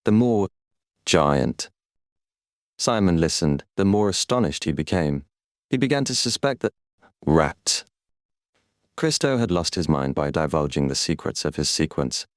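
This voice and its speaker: A man narrating an audiobook in a steady storytelling manner. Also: extremely low pitch, brisk, clean tone, dry recording, clean studio sound. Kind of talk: scripted narration.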